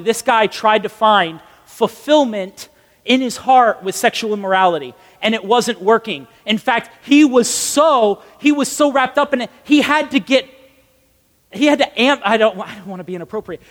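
A young man in his twenties preaching in a casual storytelling style, animated, emphatic and self-mocking. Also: extremely high pitch. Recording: long echoey hall reverb.

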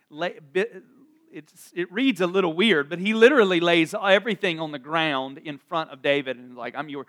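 A man preaching in a casual, chatty way, retelling a Bible story and acting out the characters' lines in quick asides. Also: a little high, fairly bright tone.

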